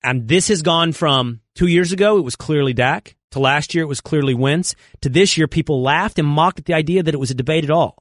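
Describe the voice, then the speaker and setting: A man hosting a sports talk radio show, arguing in an animated, sarcastic and combative way. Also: on the high side, brisk, hardly any pauses, dry recording, clean studio sound.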